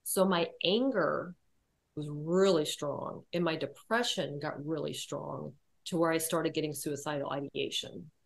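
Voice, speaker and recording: A woman telling her personal story as a podcast guest, quiet and reflective, hesitating often with fillers and restarts. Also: low voice, vocal fry.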